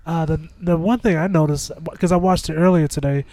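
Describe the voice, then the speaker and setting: A man with a fairly high but mellow, warm voice hosts a laid-back chat. He asks easygoing questions. The sound is dry and close. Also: fairly quick, no echo. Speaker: host. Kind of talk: casual interview chat.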